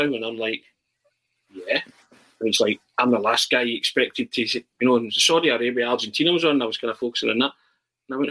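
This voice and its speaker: A man tells anecdotes in a lively, tumbling way, circling back and restarting his sentences. His voice is husky and pushes forward with a bright, forceful edge. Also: mid-range voice, fairly quick, rough recording. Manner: animated storyteller, frequent restarts. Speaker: guest. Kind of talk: casual chat.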